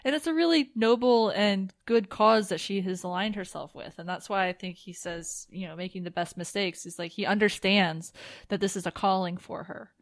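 A woman's voice: medium pitch, normal speed, dry recording. Woman, casual podcast co-host, joking, fillers, dry recording. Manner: chatty, joking, full of fillers. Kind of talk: casual recap chat.

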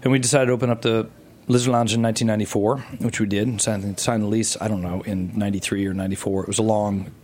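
A middle-aged man guesting on a casual interview, spinning a long, rambling story. His voice sits somewhat low, and he stops, restarts and fills gaps with "uh" as he goes. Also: little pitch movement, fast talker, darkish tone. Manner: rambling, many restarts and fillers.

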